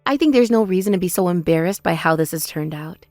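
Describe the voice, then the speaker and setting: A woman's voice: on the low side, expressive, no echo, faint music behind, natural voice. A woman voicing a cool, cutting older sister. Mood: sarcastic. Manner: measured, pointed, quietly sarcastic. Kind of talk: text-message story voice acting.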